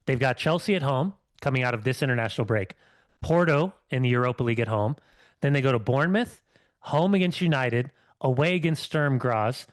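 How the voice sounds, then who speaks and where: A man co-hosting a casual football chat, relaxed and conversational. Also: mid-range voice, no room sound. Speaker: podcast co-host, former player.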